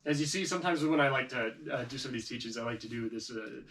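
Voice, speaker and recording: A man teaching a trombone lesson, explaining calmly and then scat-singing phrases loudly to demonstrate, with encouraging comments. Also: mid-range voice, fast talker. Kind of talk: music lesson coaching. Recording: distant mic with trombone playing.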